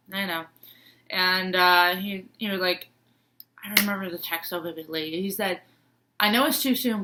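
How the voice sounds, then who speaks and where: A young adult woman with a medium-pitched, pushed, bright voice tells a personal story to camera. She's chatty, full of fillers, acts out quoted reactions, and laughs often.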